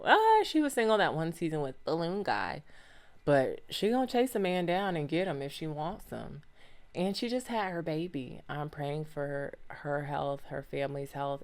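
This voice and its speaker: A woman hosting a solo podcast, talking casually and animatedly with slang and lots of exclamations and rhetorical questions. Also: low-pitched. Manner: slangy and conversational. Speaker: podcast host.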